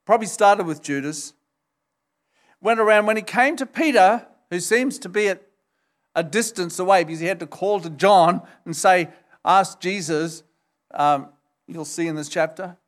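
A man's voice: high-pitched, moderate pace. A man preaching a sermon, emphatic and earnest as he explains scripture to his congregation. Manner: emphatic, retells scripture with acted quotes. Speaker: pastor.

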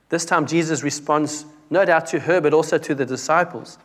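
A man's voice: a little high, normal speed, hardly any pauses, a bit bright. A young man preaching a conversational sermon, often dropping his voice to stress a point. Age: young adult. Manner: conversational, with restarts and dramatic drops in volume.

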